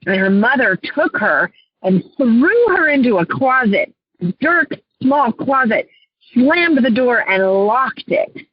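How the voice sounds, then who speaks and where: Woman coach, fairly high husky voice, earnest and heartfelt, dry dull lo-fi sound. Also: big pitch swings, takes it slowly, no echo. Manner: earnest and heartfelt, often clears her throat. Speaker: life coach. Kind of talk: guest storytelling in an interview.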